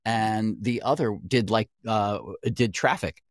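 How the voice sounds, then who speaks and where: A man with a lowish voice explains voice technique in a relaxed conversational way. He often restarts and corrects himself mid-phrase. The sound is dry, with no room around it. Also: a little slow, dry recording. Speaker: podcast guest, voice coach. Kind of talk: casual chat.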